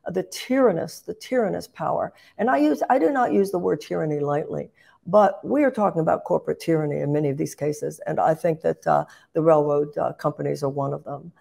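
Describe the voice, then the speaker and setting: An older woman talking politics with passion and force. Her low voice has a gravelly, fry-edged grain. She keeps restarting phrases and lifting into emphatic bursts. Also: fairly quick, warm tone. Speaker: guest, political candidate. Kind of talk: impassioned political commentary.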